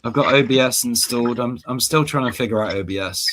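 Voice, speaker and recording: Chatty upbeat guy hosting a video call, mid pitch. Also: fast talker, a bit bright. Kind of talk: casual group video chat.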